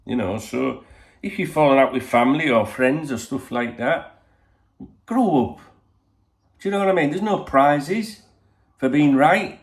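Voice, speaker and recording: A man's voice: on the high side, lively intonation, moderate pace, reverberant. A man chatting casually to his channel, rambling and swearing freely, full of "you know". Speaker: channel host. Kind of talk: casual chat to camera. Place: home in Spain.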